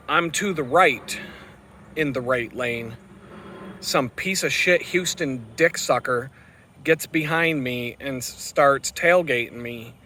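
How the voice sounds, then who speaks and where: Male vlogger, profane rambling rant while cycling outdoors, bright forceful voice. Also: on the high side. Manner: profane, ranting. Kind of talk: rambling vlog while riding. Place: outdoors on a bicycle on the road.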